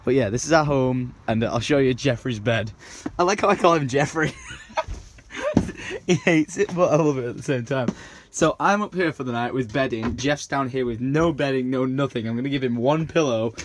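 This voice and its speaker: A young man in his twenties vlogging a road trip, excitable and joking, with shouts now and then, filmed on a handheld camera. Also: mid-range voice, normal speed. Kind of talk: casual travel vlog. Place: outdoors and in a campervan on a road trip. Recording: noisy road and vehicle background.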